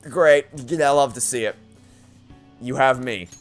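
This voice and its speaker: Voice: mid-range voice, slow, soft background music. A let's play gamer giving emotional commentary, stammering often, getting exasperated and swearing.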